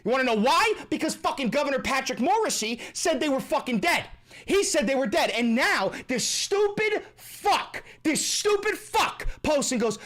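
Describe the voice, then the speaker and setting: A woman streamer in a livestream rant, furious and profane, shouting and repeating phrases for emphasis. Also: sits high, big pitch swings, normal speed.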